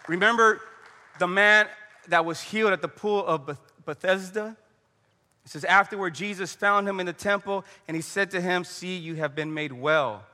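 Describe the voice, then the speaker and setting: A man's voice: sits high, fairly even intonation, moderate pace, sharp tone, long reverb tail. A man preaching a conversational sermon, telling stories and praying aloud. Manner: conversational preaching with storytelling and prayer. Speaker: pastor.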